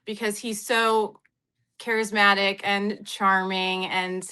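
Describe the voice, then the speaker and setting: A woman's voice: medium pitch, little pitch movement, takes it slowly, pushed and bright, clear, resonant tone. A woman from California, a guest in a casual political chat, earnest and opinionated. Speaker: podcast guest.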